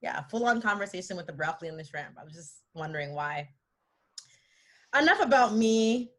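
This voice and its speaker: A woman co-hosting a podcast in casual chat, animated and jokey with mock-dramatic complaints. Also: lowish voice, brisk. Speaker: podcast co-host.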